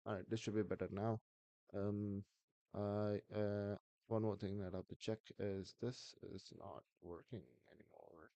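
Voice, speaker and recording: A man chatting on a live stream, thinking aloud and halting with restarts. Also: on the low side, little pitch movement, warm tone, dry recording. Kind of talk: casual live-stream talk.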